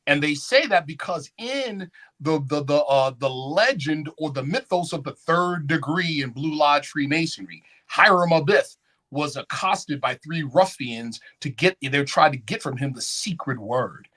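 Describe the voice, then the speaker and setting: Man, conference lecture, lively swooping delivery, quizzes the audience. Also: on the high side, a little slow. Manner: animated, call-and-response questions. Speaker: conference speaker. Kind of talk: lecture with slides. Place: conference hall.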